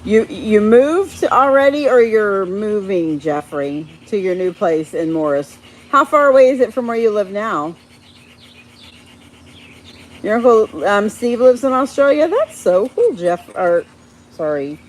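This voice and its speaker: A woman hosting a casual live stream, chatting warmly with viewers by name and laughing often. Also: medium pitch, lively intonation, measured pace. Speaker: livestream host reading viewer chat.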